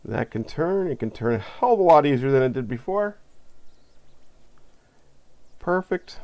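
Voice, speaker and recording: A man's voice: fairly high pitch, very animated, unhurried, darkish tone, lo-fi sound. A man casually talking through a hands-on electronics repair, thinking aloud as he works at his bench. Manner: chatty, thinks aloud while working. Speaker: repair video host.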